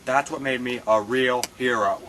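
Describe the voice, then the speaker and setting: A man talking in a lowered, self-important way in an improvised comedy sketch. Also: steady tone, moderate pace, a bit bright, a little hiss or hum, poor audio. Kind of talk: improvised comedy web series.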